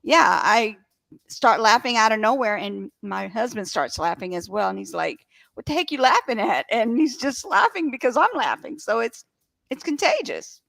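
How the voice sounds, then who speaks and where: An upbeat, emphatic woman co-hosts a casual relationship chat. Her voice is a touch high with a strong gravelly fry. The sound is dry and close. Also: sing-song, moderate pace, a bit bright, no room sound. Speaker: podcast co-host.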